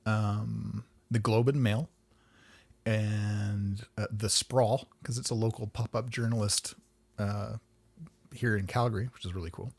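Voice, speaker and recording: A man's voice: lowish voice, little pitch movement, a little slow, creaky, a little mellow. A man co-hosting a podcast in casual chat, easygoing, with dry asides and frequent backchannels. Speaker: podcast co-host.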